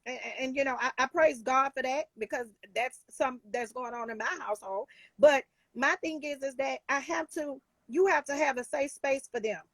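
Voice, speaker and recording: A woman's voice: high voice, no room sound. A woman life coach talking in a casual talk show, emphatic and heartfelt, with many restarts.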